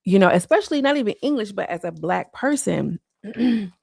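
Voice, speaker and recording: A woman's voice: mid-range voice, animated, normal speed, gravelly, darkish tone, breathy edge, no echo, studio quality. A woman chatting casually on a live stream from her home, rambling loosely and filling her talk with "like.". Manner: rambling, loose, full of "like" fillers. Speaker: livestreamer.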